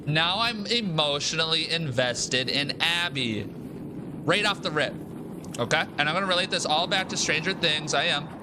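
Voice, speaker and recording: A young man streaming a game, talking in a casual, profane, animated rant and repeating himself for emphasis. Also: a little high, normal speed, noisy background. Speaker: gaming streamer. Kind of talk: casual live-stream rant while gaming.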